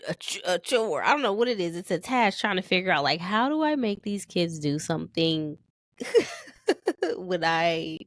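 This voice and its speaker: Female podcast co-host, lower voice, rambling chatty delivery, dry close sound. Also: very animated, a little slow, dry recording. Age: young adult to middle-aged, a mother. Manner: meandering, many restarts and fillers. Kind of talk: casual podcast chat.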